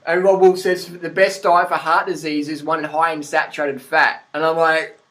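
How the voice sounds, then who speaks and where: A man's voice: a little high, level tone, moderate pace, a bit bright, poor audio. An Australian man from Adelaide giving a blunt, sarcastic, swearing vlog rant, laughing often. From Adelaide, South Australia. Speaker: vlogger. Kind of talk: profane rant-style commentary.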